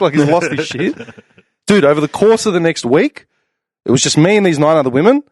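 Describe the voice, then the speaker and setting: Fast-talking man telling a rambling story. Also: fairly high pitch, no room sound, clean studio sound. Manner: rambling, animated storyteller full of fillers. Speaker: podcast panelist. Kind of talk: casual storytelling chat.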